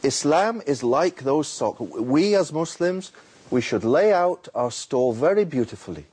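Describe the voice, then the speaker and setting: Male preacher, husky, lively pitch, storytelling explanation with repeated words. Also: a little slow. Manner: animated, repeats words, acts out a street vendor's calls. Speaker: Muslim preacher guest.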